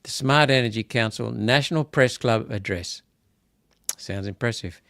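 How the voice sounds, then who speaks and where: A man's voice: medium pitch, moderate pace, vocal fry, a bit bright, no room sound. Aussie guy ranting live about politics, repeats himself, gets worked up, dry room. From Australia. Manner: indignant, repetitive, rising to emphatic outbursts. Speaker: senator hosting a political wrap-up. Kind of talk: casual live political commentary.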